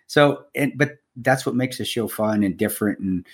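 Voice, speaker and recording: A middle-aged man co-hosting a podcast, chatting casually and telling animated stories with plenty of swearing, bro and dude. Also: medium pitch, moderate pace. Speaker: podcast co-host. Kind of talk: casual chat.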